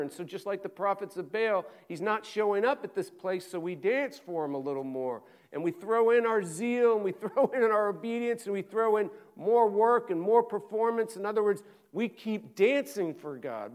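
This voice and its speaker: A man, a pastor, preaching a sermon, swinging from loud urgent passages to hushed, slow scripture reading. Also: sits high.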